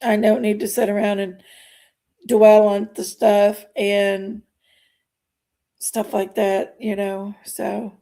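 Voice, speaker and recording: A middle-aged woman, chatting on her livestream in a halting, emotional way, sighing between phrases. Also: medium pitch, little pitch movement, vocal fry, dark tone. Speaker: livestream host. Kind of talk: casual livestream chat.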